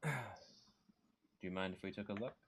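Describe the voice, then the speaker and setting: Deep, slow-talking male player. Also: slight background noise. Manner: calm, musing, thinks aloud. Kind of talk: casual tabletop game chat.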